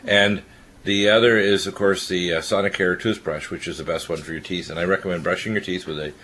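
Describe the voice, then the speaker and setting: A man on a radio health talk show, giving rapid, rambling and opinionated advice. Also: low-pitched, steady tone, pushed and bright, a little hiss or hum.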